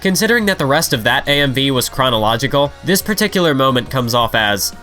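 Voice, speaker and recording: Bright-voiced young man reviewing videos. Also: medium pitch, very animated, quick pace, soft background music. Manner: analytical, with bursts of enthusiasm. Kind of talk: scripted review voice-over.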